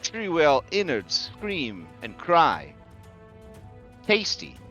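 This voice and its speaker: Brief: man doing a giant protective mother roc, higher and slow, terse clipped words, faint music behind. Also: huge pitch swings, fairly bright tone, full character voice. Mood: blunt. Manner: terse, clipped single-word speech. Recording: slightly dull lo-fi audio. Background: faint background music.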